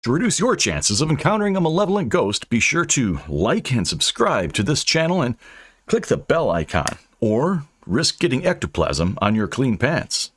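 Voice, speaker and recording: A man narrating his own fantasy audiobook with dry humor, in a lively, scripted delivery. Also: mid-range voice, moderate pace.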